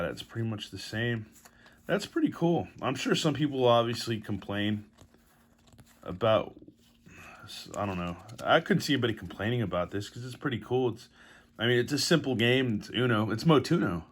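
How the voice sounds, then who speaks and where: Easygoing man, hoarse from allergies. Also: on the low side, a bit bright. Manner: rambling, easygoing, chuckles often. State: losing his voice from allergies. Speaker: toy collector vlogger. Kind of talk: casual unboxing chat.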